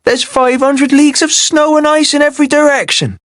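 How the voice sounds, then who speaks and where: A scrawny, big-nosed captive voiced by a man who squeals his fears in a thin, high, strained voice, far above his usual register. He sounds cornered and desperate, and his delivery is dry and close. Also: fairly even intonation, brisk, dry recording. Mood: anxious. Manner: high, panicky and pleading.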